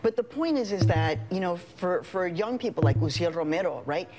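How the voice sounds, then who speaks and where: A woman journalist talking as a guest on a TV news show, emotional and choked up, speaking in a rapid, conversational way with many fillers and repeated words. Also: fairly low pitch, lively intonation, background noise. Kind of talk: live TV panel commentary.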